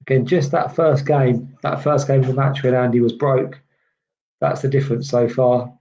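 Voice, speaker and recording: On a slightly dull lo-fi stream, a British man offers relaxed live tennis commentary, talking loosely to his chat and saying "um" often. His mid-range voice holds a steady tone at normal speed, with a slight mellowness.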